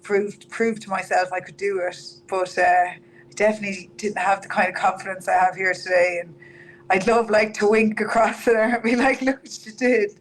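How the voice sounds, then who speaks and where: Young woman, Irish accent, candid chatty interview, level pitch, faint noise. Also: steady tone, normal speed, rough recording. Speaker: MMA fighter guest.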